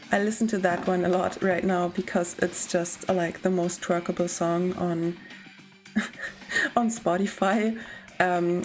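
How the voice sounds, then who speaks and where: A woman's voice: on the low side, a little mellow. A young woman streamer chatting casually and giggling while she plays a game and answers chat. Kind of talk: casual let's-play commentary.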